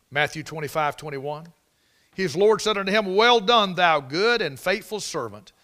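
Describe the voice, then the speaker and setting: Bright-voiced preacher man. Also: mid-range voice. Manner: dramatic storytelling, swings from loud shouting to near whisper. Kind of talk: sermon.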